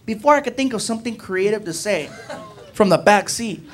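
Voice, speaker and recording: A male stand-up comedian telling a long story on stage, animated and acting out every character with shifting voices. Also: high-pitched, brisk. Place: comedy stage before a live audience. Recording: live show with crowd laughter and noise.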